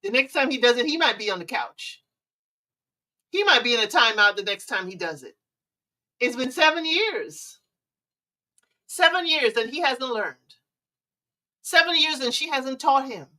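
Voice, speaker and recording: A woman hosting a live advice stream, sassy and teasing, with disapproving hums between her remarks. Her voice sits a little high and sounds bright and forceful. She is some distance from the mic. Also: expressive, a little slow, long pauses. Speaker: livestream host giving relationship advice. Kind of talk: casual live commentary.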